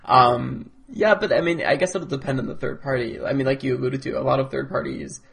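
A man co-hosting a casual gaming podcast, relaxed with dry jokes. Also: mid-range voice, brisk. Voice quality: gravelly, raspy. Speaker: podcast co-host.

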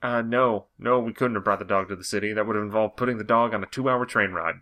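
A man's voice: on the low side, fairly even intonation, pushed and bright. A man hosting a podcast in casual chat, rambling along with many "like" fillers. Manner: rambling, fast, full of "like" fillers. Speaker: podcast host.

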